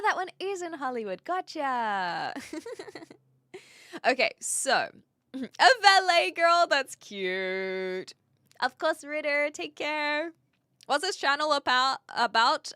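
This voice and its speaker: Bright, lively young woman streamer. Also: fairly high pitch, smooth, no echo, studio quality. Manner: chatty, laughs often, greets viewers by name. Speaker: livestream host. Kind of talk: casual livestream chat, reading viewer comments.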